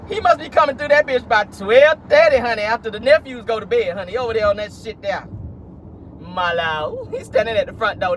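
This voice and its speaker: A man hosts a casual celebrity gossip vlog from his car, talking with playful sass and frequent laughter. His pitch leaps and dives expressively. Faint noise from the car hums in the background. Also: a bit bright. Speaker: host.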